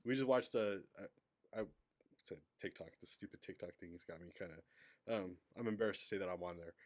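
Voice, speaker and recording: A man in his forties, a podcast guest, chatting in a relaxed, joking way. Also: low voice, a little fast, no echo. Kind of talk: casual chat.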